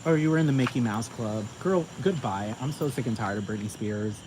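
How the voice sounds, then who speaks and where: A man's voice: mid-range voice, brisk. A man ranting profanely and emphatically, repeating himself as he talks. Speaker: commentator. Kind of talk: ranting monologue. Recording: noisy with vehicle sounds behind.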